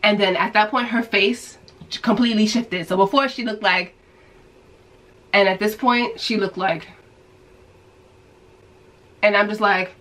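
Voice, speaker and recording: A woman from New York telling a story to her viewers in a casual, animated way, acting out the people she quotes. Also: medium pitch, a little slow, long pauses, poor audio. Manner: animated storyteller who acts out quoted voices. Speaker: vlogger.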